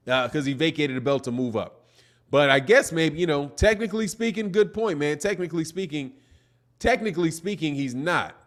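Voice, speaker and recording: A man hosting a live boxing stream, chatting casually and reading out viewer comments in a loose, rambling way that keeps circling back to "man.". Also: on the high side. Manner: laid-back, rambling, peppers talk with "man".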